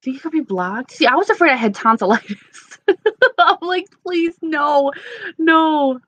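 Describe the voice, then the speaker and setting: A woman's voice: high-pitched, big pitch swings, normal speed, a bit bright. A young woman hosting a casual live stream with a sore, stuffy throat, chatting with viewers and answering them by name. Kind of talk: casual live-stream chat reading comments.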